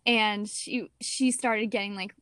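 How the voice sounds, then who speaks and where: A young woman actor telling stories in a casual interview, chatty and animated, with lots of "like" and "you know". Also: mid-range voice, takes it slowly, clear, resonant tone, dry recording, studio quality.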